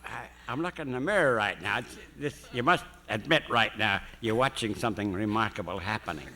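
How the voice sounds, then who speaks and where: Animated older man telling stories. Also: lowish voice, fairly quick. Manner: animated, restarting, laughing storyteller. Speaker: guest speaker. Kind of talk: reminiscing talk.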